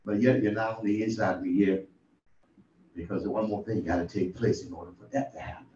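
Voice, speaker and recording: A man's voice: lowish voice, steady tone, fairly quick, mellow, a little hiss or hum. Folksy preacher man with a distant, echoey sound. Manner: folksy storytelling, rising to exclamations. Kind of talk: informal sermon. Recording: distant, echoey, muffled room recording.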